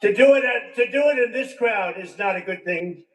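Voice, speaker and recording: A man's voice: high-pitched, normal speed. Older man rambling at a rally. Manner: rambling, repetitive, with conversational asides. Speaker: politician giving a speech. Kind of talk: rally speech. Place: large venue with a crowd. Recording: roomy sound, distant from the mic.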